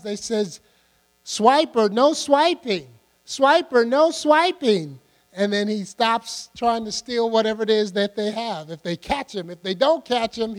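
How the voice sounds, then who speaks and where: An older man delivers a conversational sermon in a high-pitched voice, often asking his congregation questions. The recording carries a long hall reverb, and a steady electrical hum runs underneath it. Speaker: preacher.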